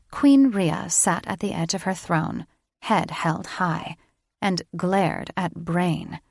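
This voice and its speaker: A woman narrating a fantasy audiobook in a measured, unhurried storytelling manner. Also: on the low side, gravelly, dry recording, clean studio sound.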